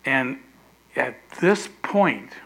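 A middle-aged male pastor preaching a sermon, animated, repeating phrases and loudly acting out the quotes he tells. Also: mid-range voice, extremely slow, vocal fry, slightly rough, low-quality recording.

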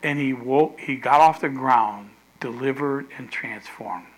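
A middle-aged male pastor preaching a sermon, animated, repeating phrases and loudly acting out the quotes he tells. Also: medium pitch, unhurried, low-quality recording.

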